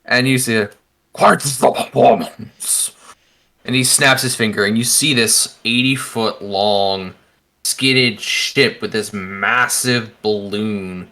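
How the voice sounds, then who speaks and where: A man's voice: lowish voice, sharp tone. A man narrating as game master in a tabletop game, describing scenes loosely with many fillers.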